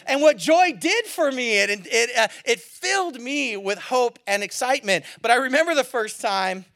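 A male pastor with a high, bright, forceful voice preaches in a loose, joking, conversational way. The sound is close and dry, with no room echo around it. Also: moderate pace, gravelly, hardly any pauses. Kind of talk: sermon.

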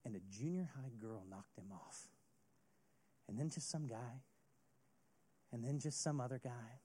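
A man preaching a sermon as a youth pastor, retelling a story with an expressive delivery. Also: mid-range voice, a little slow, breathy edge.

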